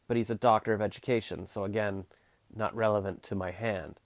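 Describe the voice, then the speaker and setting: A man's voice: lowish voice, flat delivery, quick pace, dry recording, clean studio sound. A Canadian man in his forties chatting on a livestream, rambling through restarts with wry, sarcastic asides. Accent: Canadian English. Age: 40s. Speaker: vlogger answering live chat. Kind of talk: casual rambling livestream chat.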